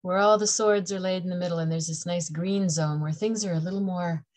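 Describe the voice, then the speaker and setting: A woman's voice: on the low side, fairly even intonation, a little fast, darkish tone. A middle-aged woman from Canada giving a chatty, playful tarot reading to camera, laughing often between her points. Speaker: tarot reader.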